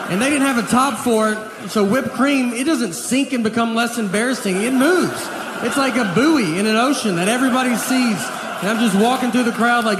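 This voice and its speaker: A man in his forties doing stand-up comedy, deadpan and self-deprecating, with an audience laughing in an echoey hall. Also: very high voice, brisk, background noise. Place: theater stage before an audience.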